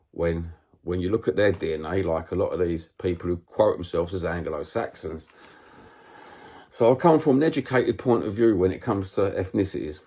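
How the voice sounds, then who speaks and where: A Cockney man from London vlogging to his subscribers in a very low, husky voice. He sounds rattled, keeps repeating himself and asking rhetorical questions, with plenty of working-class slang. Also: mellow. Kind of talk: casual vlog monologue.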